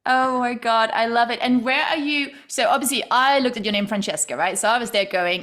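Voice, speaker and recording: A woman's voice: fairly high pitch, brisk, hardly any pauses, a bit bright. A woman hosting a casual studio interview, gushing and enthusiastic with her guest. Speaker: podcast host.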